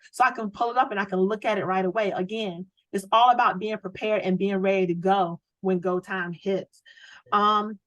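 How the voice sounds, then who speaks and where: Energetic woman coaching a sales team. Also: medium pitch, dry recording, low-quality recording. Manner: energetic, preachy coaching with rhetorical questions. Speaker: sales trainer. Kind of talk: training talk on a video call. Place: home office.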